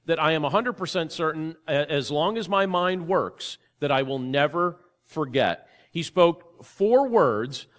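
A man's voice: a little high, animated, a little slow, hardly any pauses, fairly bright tone. A man, a pastor, opening with a prayer and then preaching an earnest, conversational sermon full of rhetorical questions.

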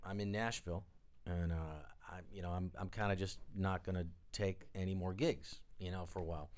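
A man, a guest on a live studio interview, telling rambling, animated stories and acting out the people he quotes. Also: low-pitched, brisk. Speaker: guest, record producer and drummer. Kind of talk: anecdotal storytelling interview.

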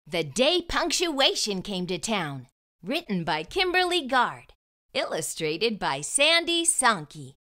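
Animated woman reading to children. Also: on the high side, slow pace. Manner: animated, sing-song. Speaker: children's storyteller. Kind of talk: picture book read aloud.

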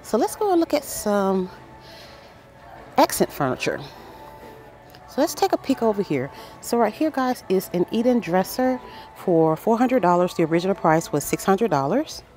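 A woman filming a casual walkthrough of a furniture store on her phone, excitedly reading out sale prices and chatting to her viewers. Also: medium pitch, moderate pace. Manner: excited, reads prices aloud, addresses viewers as guys. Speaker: shopping vlogger. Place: large furniture store, indoors.

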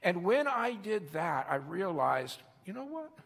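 A man preaching a sermon as a pastor, emphatic, repeating phrases and slowing down for key points. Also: sits high, very animated, gravelly, fairly bright tone. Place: church sanctuary. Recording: long hall reverb.

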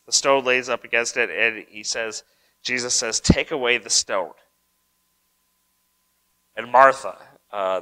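Bright-voiced man preaching a sermon. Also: medium pitch, rough recording. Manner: conversational preaching with frequent "right?" asides; reads scripture aloud, then comments on it. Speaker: pastor.

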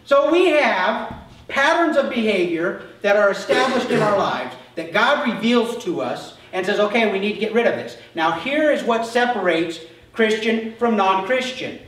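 A man's voice: high voice, expressive, moderate pace, fairly bright tone. A male pastor preaching a conversational sermon, acting out little dialogues as he goes. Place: church sanctuary. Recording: echoey church hall, mic far off.

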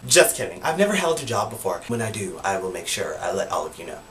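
A young man casually answering viewer questions on his vlog, animated and sarcastic with quick jokes. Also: low voice. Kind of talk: casual chat. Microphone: flip camera.

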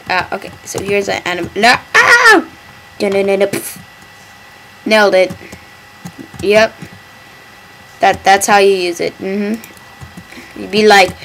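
A woman's voice: mid-range voice, lively intonation, slow, gravelly, long pauses, background noise. A woman hosting a gameplay video, rambling playfully with mock-dramatic asides. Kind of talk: casual gameplay commentary.

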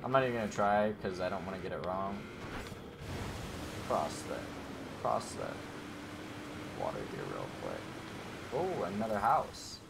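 Man, gaming commentary, lowish voice, rambling, fillers, loud game noise behind. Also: sing-song, a little slow, creaky, pauses often. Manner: rambling and chatty, many fillers, talks straight to viewers. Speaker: gaming YouTuber. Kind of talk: casual gameplay commentary. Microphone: desk microphone.

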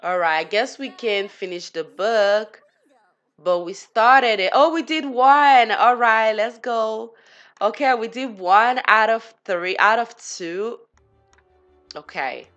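A woman's voice: fairly high pitch, slow, fairly bright tone, dull audio. A woman giving casual gameplay commentary, chatty and giggly, talking to her game characters as she plays. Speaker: gaming channel host.

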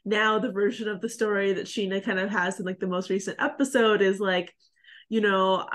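A woman co-hosting a podcast in casual chat, talking fast and loose with lots of "like" and mocking asides. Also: mid-range voice, steady tone. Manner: chatty, heavy on "like", mocking impressions. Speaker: podcast co-host.

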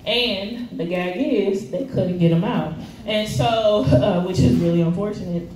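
A woman's voice: medium pitch, a little slow, darkish tone. Slangy, laid-back woman preaching in an echoey hall. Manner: slangy, conversational preaching with frequent fillers and laughs. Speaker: speaker at a church service. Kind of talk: casual sermon. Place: church hall. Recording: echoey room, voice far from the mic, faint noise.

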